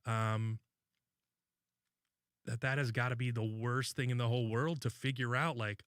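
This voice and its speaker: A man's voice: mid-range voice, steady tone, normal speed, pauses often, fairly bright tone, clear, resonant tone, no room sound, studio quality. A man co-hosting a podcast in casual chat, rambling and swearing freely. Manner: rambling, loose, swears often. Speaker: podcast co-host.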